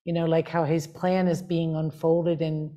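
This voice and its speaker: A woman with a somewhat low voice, a member of a spiritual community, tells her spiritual story in easy conversation. Earnest, rapt and heartfelt, she fills her speech with "like" and "you know," delivering it flatly at normal speed with a dark tone.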